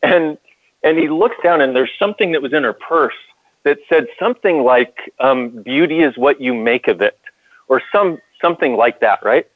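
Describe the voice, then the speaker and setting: A man's voice: fairly high pitch, expressive, moderate pace, no echo, narrow, tinny audio. Man, earnest call-in co-host, restarts his sentences a lot, thin phone sound, dead dry. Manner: earnest storytelling with many restarts. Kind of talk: call-in radio talk.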